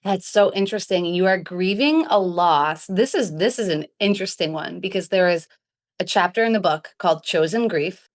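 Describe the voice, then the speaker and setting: A woman hosting a podcast interview, asking questions and reflecting on her guest's answers. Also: fairly low pitch. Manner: reflective and inquiring. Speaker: podcast host.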